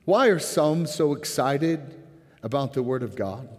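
Pastor, male, mid-pitched earnest preacher in a church hall with long reverb. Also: lively intonation, unhurried. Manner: earnest, rising to impassioned then softening to a hushed prayer. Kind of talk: sermon. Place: church sanctuary.

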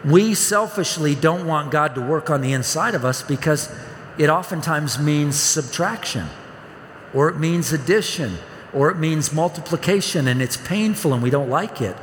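A man's voice: on the high side, animated, moderate pace, a little hiss or hum. A man in his fifties preaching a sermon, asking the congregation questions and acting out quoted pleas. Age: 50s. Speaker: pastor. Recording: long hall reverb.

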